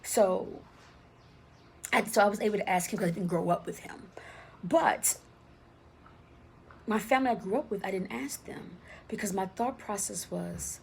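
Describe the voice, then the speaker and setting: A woman's voice: mid-range voice, moderate pace, creaky, a little hiss or hum. A woman and former teacher telling a personal story in a conversational way, often checking in with "right?".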